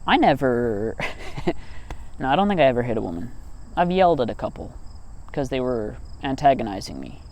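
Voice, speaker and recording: A vlogger stands outdoors in a field talking to camera in a rambling, casual monologue, very animated at a moderate pace with long pauses, often laughing and joking at his own expense. His voice is medium-pitched with a darkish tone, recorded on a cheap mic lacking proper wind protection.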